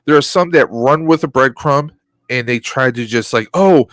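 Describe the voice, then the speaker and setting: A man's voice: medium pitch, normal speed, a bit bright, no room sound. A man co-hosting a casual podcast chat, delivering rambling, opinionated rants. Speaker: podcast co-host.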